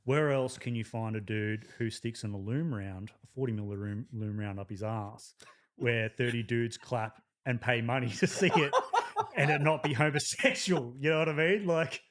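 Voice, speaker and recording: A man's voice: mid-range voice, moderate pace. An Australian man telling army stories as a podcast guest, swearing freely and breaking into laughter. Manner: profane, animated storytelling with laughs. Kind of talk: casual storytelling.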